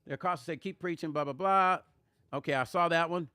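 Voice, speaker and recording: A middle-aged man chats casually on a live music stream, reading out viewer comments and answering them. His voice is bright, clear and a little high, and it sits close and dry with no room sound. He talks with animated emphasis and often repeats himself to press a point. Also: fairly quick, dry recording. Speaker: music vlogger hosting a livestream.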